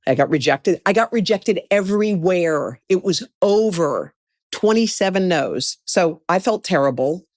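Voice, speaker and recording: Lively storytelling middle-aged woman, dry sound. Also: on the low side, a little slow, no room sound. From United States. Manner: animated, acts out the people in her story. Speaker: guest. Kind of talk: storytelling in a conversation.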